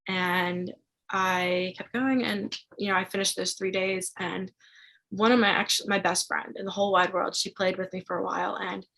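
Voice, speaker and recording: A young woman with a husky, gravelly voice tells a personal story as an interview guest. Her talk is loose and chatty, full of fillers and restarts. Her pitch stays fairly flat. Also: normal speed, poor audio. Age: young adult. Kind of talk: casual storytelling.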